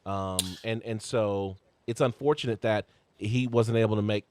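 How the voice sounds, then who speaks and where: A man co-hosting a sports podcast in casual chat, stumbling over restarts and letting his voice jump high when excited. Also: moderate pace, slight background noise. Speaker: podcast co-host.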